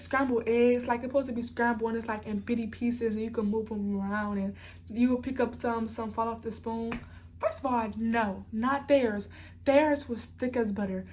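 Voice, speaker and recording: A young woman vlogger telling a storytime in casual chat, animated and talking straight to her viewers. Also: fairly high pitch, moderate pace, slight background noise.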